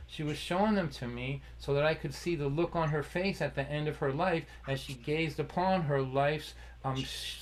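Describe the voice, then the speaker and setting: Hosting a livestream concert from home, a man tells a heartfelt personal story, laughing, restarting, and acting out dialogue he remembers. His voice is fairly high, and the audio is poor with slight background noise.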